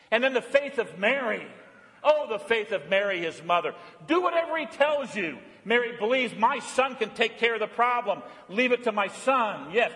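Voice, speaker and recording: A man preaching a sermon as pastor, swinging from lively and playful to hushed and earnest. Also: very high-pitched, big-room sound. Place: church.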